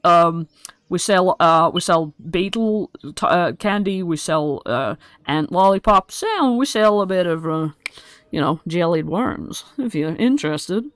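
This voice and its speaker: A woman's voice: fairly low pitch, lively intonation, a little slow, no echo. A woman voicing a fussy male goblin who runs a market, with a drawling, folksy way of talking. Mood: welcoming. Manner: drawling, mutters to himself, folksy. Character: fussy male goblin market boss with toffee-apple head.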